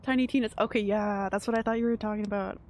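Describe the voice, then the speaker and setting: A woman's voice: mid-range voice, fairly even intonation, quick pace, a little mellow, a little hiss or hum. A Canadian woman streaming a video game, chatting casually with her viewers and laughing often. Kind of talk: casual gameplay commentary.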